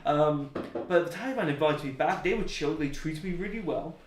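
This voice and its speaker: A man's voice: on the high side, lively intonation, brisk. Joking, rambling man. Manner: joking, rambling storyteller in slang. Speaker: interview guest. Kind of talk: anecdotal storytelling. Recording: roomy, distant mic.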